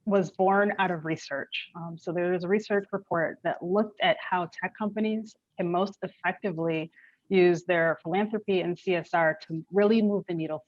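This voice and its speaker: A woman's voice: fairly low pitch, no echo. A forthright, emphatic woman speaking as a panelist. Her voice comes through dry and a little dull, with no room sound. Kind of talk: panel discussion.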